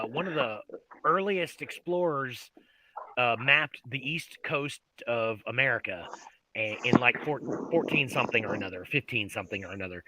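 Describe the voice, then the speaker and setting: A man's voice: mid-range voice, background noise. A man in casual group chat, telling things in a rambling way with many fillers.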